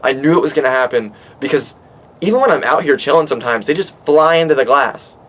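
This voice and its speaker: A man vlogging from his back porch, telling a story in an animated, rambling way and swearing a lot. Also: mid-range voice, fast talker. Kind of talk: casual storytelling monologue. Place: outdoors on a back porch by water.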